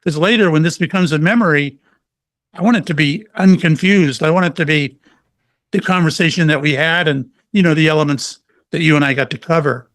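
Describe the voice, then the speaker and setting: This middle-aged guest, a psychic medium, talks a little fast in a voice on the high side, recorded dry. He tells stories with animation during a laid-back interview, performing each quote.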